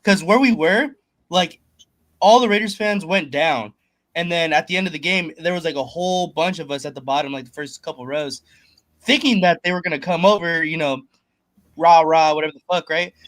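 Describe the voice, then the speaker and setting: A man's voice: on the high side, brisk, a bit bright. A man chatting casually and profanely on a sports podcast. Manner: laid-back, profane. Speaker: podcast co-host.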